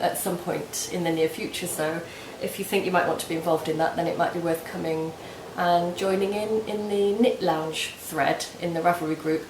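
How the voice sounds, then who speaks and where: Chatty woman in a roomy room. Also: on the low side. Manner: chatty and gushing, many ums and restarts. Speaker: knitting podcast host. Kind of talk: casual video podcast chat. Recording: roomy home recording with faint hiss.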